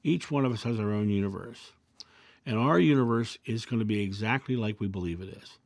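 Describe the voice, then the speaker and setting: A man hosting his own video channel, reflecting calmly through personal anecdotes and parables in a casual monologue. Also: on the low side, brisk, no room sound, studio quality. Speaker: video host.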